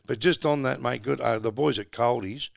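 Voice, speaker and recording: A man's voice: medium pitch, normal speed, vocal fry, dry recording, clean studio sound. A middle-aged Australian man hosting a podcast, chatting in a laid-back, rambling way and calling his co-host mate. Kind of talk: casual chat.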